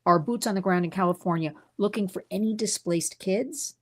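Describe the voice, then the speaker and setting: A woman's voice: medium pitch, fairly quick. A woman hosts a livestream and talks off the cuff. She sounds emphatic and indignant and reads viewers' comments aloud. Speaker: livestream host. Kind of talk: unscripted livestream talk. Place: New York City.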